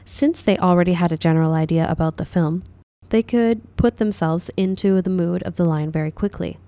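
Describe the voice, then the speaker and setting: A woman drama teacher calmly explaining an acting lesson in a measured, dubbed voice-over. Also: fairly low pitch, dry recording.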